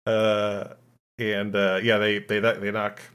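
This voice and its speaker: A man hosting a podcast, recapping a film plot in casual chat, halting with many ums and restarts. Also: fairly low pitch, monotone, a bit bright, clean tone. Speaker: podcast host summarizing a film.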